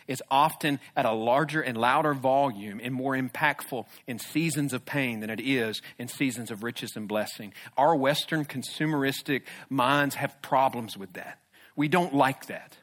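A man preaching a sermon, moving between loud emphatic declarations and hushed, low, intense passages. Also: normal speed. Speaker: pastor.

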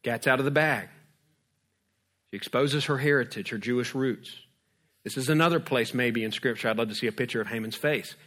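A male pastor preaching a sermon, retelling a story lively and acting out its scenes. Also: medium pitch, a little fast.

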